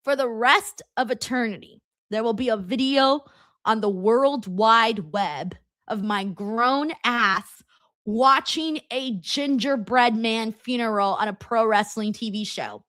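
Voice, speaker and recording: Bright-voiced, laughing woman streamer. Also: on the high side, slow, dry recording, studio quality. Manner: laughs often, swears freely, animated and chatty. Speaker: streamer hosting a wrestling watchalong. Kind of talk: casual chat reacting to a live show and reading comments.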